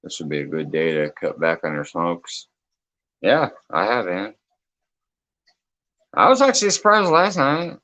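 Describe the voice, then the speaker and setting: A man's voice: sits low, big pitch swings, measured pace, pauses often, pushed and bright, rough recording. A man hosting a casual late-night livestream chat, reading comments aloud, laughing often and swearing freely. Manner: loose, joking, swears freely. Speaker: livestream host.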